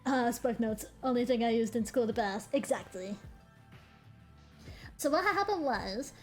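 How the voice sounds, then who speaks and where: A young woman streaming, her voice sitting a little high as she tells a story in casual chat. She is animated and swears freely, with quick laughing asides. Faint music runs underneath.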